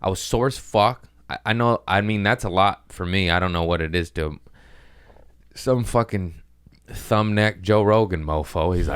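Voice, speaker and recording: At home, with gardeners working outside, a man hosts a laid-back comedy podcast, rambling with profanity and self-mockery. His low, smooth voice moves at a moderate pace, captured in a dry, studio-quality recording.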